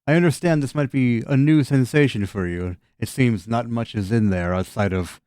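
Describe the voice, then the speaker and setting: A man doing a low, wry telepathic beast. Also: moderate pace, darkish tone, clear, resonant tone, no room sound, studio quality, natural voice. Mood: wry, mocking. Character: chuckling telepathic tentacled jaguar creature, wry and mocking.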